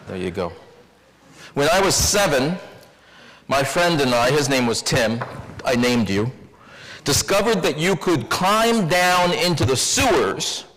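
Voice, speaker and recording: A man's voice: a little high, a bit bright. A man preaching a sermon as minister, telling a story in a wry, confiding way. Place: church sanctuary. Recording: long church reverb.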